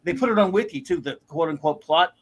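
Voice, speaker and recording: A man's voice: a little high, animated, quick pace. A man hosting a casual pop-culture chat, ranting animatedly and mocking other people's voices. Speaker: podcast host.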